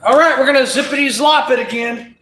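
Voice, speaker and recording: A man's voice: extremely high pitch, a little fast, echoey room, noisy background. A man chatting casually on a live stream while working on a car, laid-back and rambling, laughing often. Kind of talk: casual live-stream chat while doing body work.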